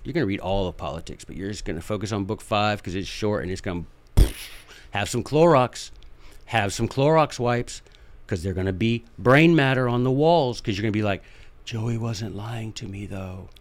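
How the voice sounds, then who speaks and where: A man's voice: lowish voice, lively intonation, fairly quick. A man giving impassioned, folksy political commentary as a podcast host, repeating his points for emphasis.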